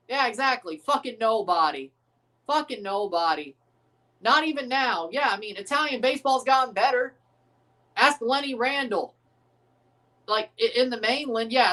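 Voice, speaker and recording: A woman's voice: sits high, pushed and bright. A woman hosting a live sports watchalong, joking and swearing, abrasive on purpose. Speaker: livestream host.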